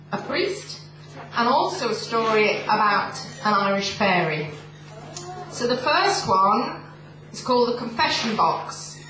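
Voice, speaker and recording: A woman telling stories live to an audience, slow and deliberate with frequent ums, in a large echoey hall with a distant mic. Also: on the high side, fairly bright tone, a little hiss or hum. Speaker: storyteller.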